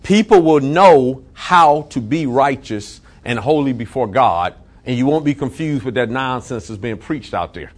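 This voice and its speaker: A male pastor preaching a sermon, emphatic, repeating phrases and drawing out key words slowly. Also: mid-range voice, animated.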